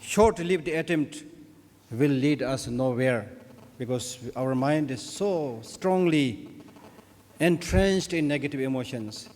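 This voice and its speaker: A man giving a formal, measured speech on Buddhism and knowledge at an opening ceremony. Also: medium pitch, darkish tone. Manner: measured, deliberate delivery with emphatic repetitions. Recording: long hall reverb.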